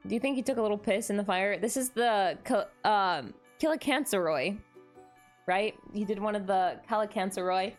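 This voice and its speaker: A woman streamer chatting casually on a live stream, gushing and excitable, often gasping in delight. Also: mid-range voice, moderate pace, faint music behind. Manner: gushing and excitable, frequent gasps.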